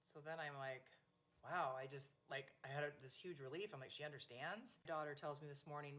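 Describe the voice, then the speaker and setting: A woman's voice: deep voice, steady tone, a little fast, fairly bright tone. A middle-aged woman, a mother, earnestly and emotionally telling a personal faith story. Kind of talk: personal testimony.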